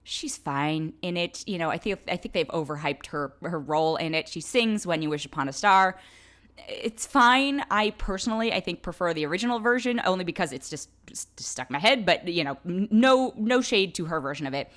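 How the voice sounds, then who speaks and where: Exasperated woman with a lively voice. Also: fairly low pitch, normal speed. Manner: exasperated, sarcastic, animated with laughs. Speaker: film reviewer. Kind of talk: casual opinionated review.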